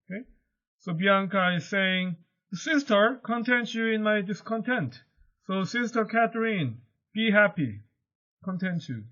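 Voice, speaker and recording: Man whose first language is Korean, teaching, fairly high voice, dull lo-fi sound. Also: sharp tone. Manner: paraphrases quotes in simple words, lifts his pitch when reading lines aloud. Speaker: high school English teacher. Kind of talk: lecture explaining a play line by line. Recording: dull lo-fi recording.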